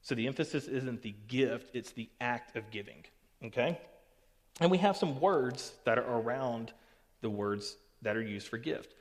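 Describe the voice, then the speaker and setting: A man's voice: mid-range voice, moderate pace. A man gives a casual Bible teaching as a pastor, often checking in with "okay" and "all right". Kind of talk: recorded Bible teaching to camera. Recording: long hall reverb.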